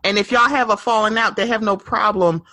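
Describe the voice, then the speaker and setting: A young adult woman co-hosting a casual chat, frank and profane, laughing often and jumping into high mocking voices when she quotes people. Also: fairly even intonation, fairly quick, sharp tone, dry recording. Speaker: podcast co-host.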